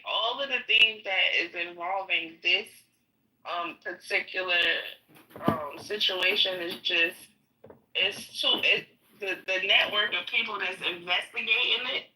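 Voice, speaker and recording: A woman's voice: on the low side, measured pace, bright, forceful tone, distant mic, poor audio. A woman rambling through her view in a political discussion, often trailing off.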